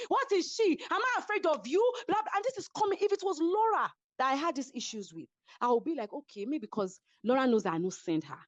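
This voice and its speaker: Nigerian woman, high and animated, fast dramatic retelling with acted-out quotes, dull dry lo-fi recording. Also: dry recording. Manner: animated, acts out quoted voices, code-switching. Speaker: reality show cast member. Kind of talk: heated casual retelling.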